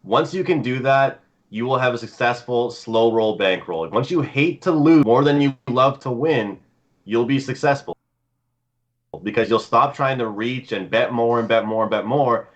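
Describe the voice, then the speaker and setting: A man's voice: medium pitch, moderate pace. A man on a betting panel giving blunt, repetitive advice. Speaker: panelist handicapper. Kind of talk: casual betting panel talk. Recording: dull lo-fi call audio.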